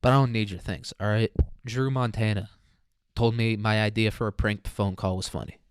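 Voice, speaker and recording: A young man hosts a solo podcast, rambling casually with plenty of profanity and jokes. His voice is on the low side, clear and resonant, with fairly even intonation at a normal speed. The recording is dry and clean, studio quality.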